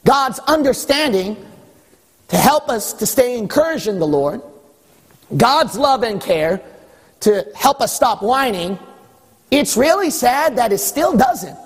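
A man preaching a sermon as pastor, animated, acting out exchanges with God. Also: very high voice, slow, breathy edge. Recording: echoey hall with long reverb.

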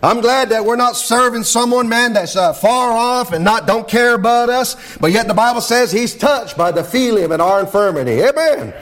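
A man's voice: extremely high pitch, animated, normal speed, few pauses, fairly bright tone. A middle-aged man preaching and praying fervently as a pastor, peppering his phrases with "amen" and "Lord God". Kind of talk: sermon.

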